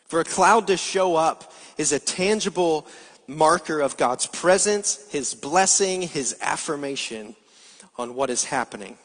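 A man's voice: a little high, lively intonation, measured pace, fairly bright tone. Man preaching in a reverberant hall. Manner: explanatory, asks rhetorical questions. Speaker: pastor. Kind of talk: sermon.

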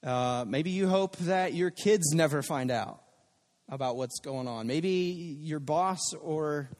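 Male pastor, slightly high voice, casual conversational preaching, long hall reverb. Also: slow, a little mellow. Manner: conversational preaching with acted-out quotes. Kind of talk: sermon.

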